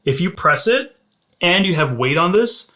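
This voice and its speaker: Bright-voiced man reviewing gear. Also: high-pitched, expressive, moderate pace. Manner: conversational, candid, demonstrating gear on camera. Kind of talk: casual product review.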